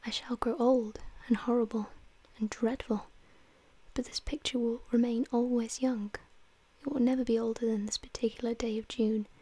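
A woman's voice: fairly high pitch, little pitch movement, moderate pace, warm tone, husky, no room sound. A woman whispering the part of an anguished, vain young man in a whispered role-play reading.

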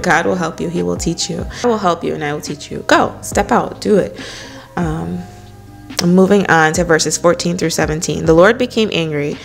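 Gravelly-voiced woman leading a Bible study. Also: on the low side. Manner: conversational, many "you know" fillers, light laughs. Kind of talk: casual Bible study talk.

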